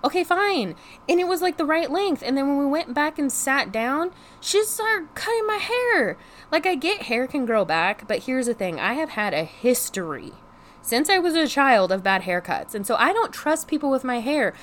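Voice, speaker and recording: A young woman telling a frustrated storytime vlog in casual chat, animated and exasperated, swearing freely and saying "like" constantly. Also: high-pitched, moderate pace, a little hiss or hum. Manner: heavy use of "like" as filler. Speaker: vlogger.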